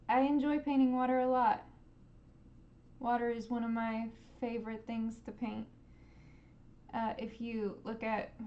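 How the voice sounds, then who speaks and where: A woman streaming a live painting lesson, gently encouraging viewers and making playful sound effects as she paints. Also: a little high, muffled recording, slight background noise.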